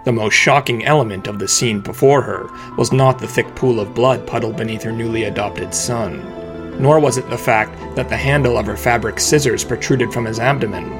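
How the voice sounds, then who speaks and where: Guy narrating a thriller podcast, calm dramatic read, music in the background. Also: rough recording. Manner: measured, dramatic, low-key. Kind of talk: scripted audiobook narration.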